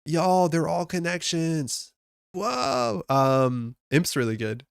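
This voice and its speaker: A man's voice: a little high, lively intonation, takes it slowly, creaky, smooth, no room sound, clean studio sound. A young man from Alberta with a Canadian accent, chatting casually and thinking aloud while he builds a card game deck on a live stream, often laughing at himself.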